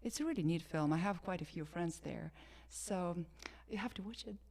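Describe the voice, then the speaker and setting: A woman's voice: lowish voice, normal speed, darkish tone. A woman with a Russian accent, an actress chatting in an interview with many fillers and restarts. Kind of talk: casual interview chat.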